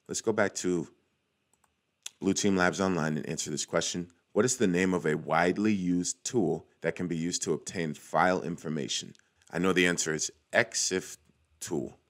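A man's voice: low-pitched, normal speed. A young man hosting a casual screen-recorded walkthrough, chatty and cheering small wins as he goes. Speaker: cybersecurity tutorial host.

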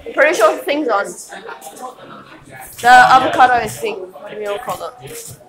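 Squeaky teen boy, voice cracking. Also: normal speed, a crowd in the background, poor audio. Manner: excitable, shouty, swears, laughs a lot. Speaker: vlogger. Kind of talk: casual vlog chat.

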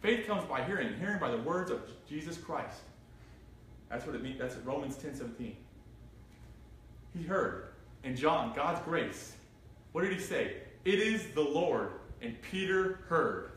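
A man leads a Bible study in an animated, rising voice, reading scripture aloud and firing questions at his listeners. He sounds like he is standing well back from the mic in a very echoey room. Faint noise sits under his voice. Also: a little high, measured pace, far from the mic. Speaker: pastor. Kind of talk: interactive Bible study sermon. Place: church room.

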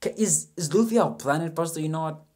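A man's voice: fairly high pitch, quick pace, a little mellow. A young man giving a rambling, self-mocking reaction commentary, swearing freely as he goes. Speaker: reaction video host.

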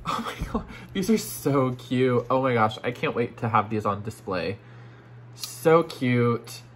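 A man with an ordinary mid-range voice talks through an unboxing of vintage collectibles, gushing and exclaiming over each piece. He often slips into breathy near-whispers. A faint room hum sits underneath. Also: medium pitch, lively intonation, measured pace. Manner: gushing, effusive, repeats "oh my gosh". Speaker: vintage toy collector and seller. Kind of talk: casual unboxing vlog.

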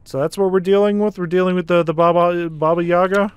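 A man's voice: high voice, steady tone, a little fast, clean tone, dry recording. A man streaming a horror game, chatting casually and swearing freely as he reacts with startled exclamations. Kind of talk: casual live-stream commentary while playing a horror game.

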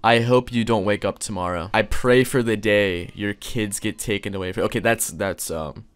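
A man's voice: on the low side, normal speed, smooth. A man giving a profane, sarcastic reaction commentary, ranting with lots of swearing. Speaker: commentary host.

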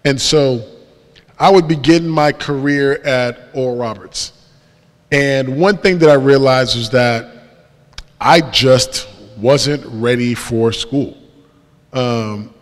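Self-mocking man telling a story in a reverberant church. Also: medium pitch. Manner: lively storyteller who acts out dialogue and laughs at himself. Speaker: guest speaker. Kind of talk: storytelling testimony. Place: church sanctuary. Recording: long church-hall reverb.

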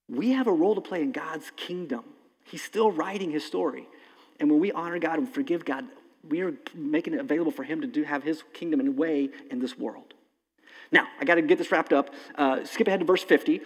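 A man preaching a sermon as pastor, impassioned, swinging between loud emphasis and hushed, slow lines. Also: a little high. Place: church sanctuary. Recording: long hall reverb.

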